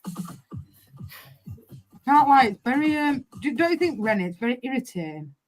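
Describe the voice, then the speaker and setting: A woman's voice: sits high, very animated, normal speed, soft background music. A woman with a Northern English accent hosting a football watchalong live stream, chatting casually and bluntly with a lot of swearing. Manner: blunt, sweary, repeats "I can't lie".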